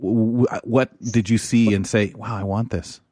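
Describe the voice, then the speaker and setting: Low-voiced man, emphatic, dry sound. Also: fairly even intonation, normal speed, mellow, no room sound. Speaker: co-host. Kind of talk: casual chat.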